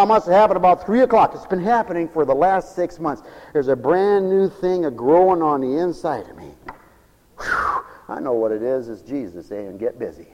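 A male preacher giving a fervent, repetitive sermon that swings between loud emphatic lines and low murmurs, recorded for radio in a church. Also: dull audio. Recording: long reverberant hall, radio broadcast tape.

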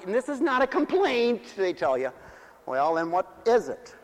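Folksy high-voiced preacher in a hall. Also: male voice, sing-song, moderate pace. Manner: folksy and joking, rising to fervent hallelujahs. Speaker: pastor. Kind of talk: sermon. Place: mission church hall.

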